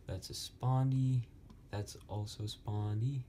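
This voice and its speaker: A young man slowly explaining Latin poetic meter in a lesson, with many pauses and fillers. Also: fairly low pitch, slight background noise. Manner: slow, halting, many fillers. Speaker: Latin tutor.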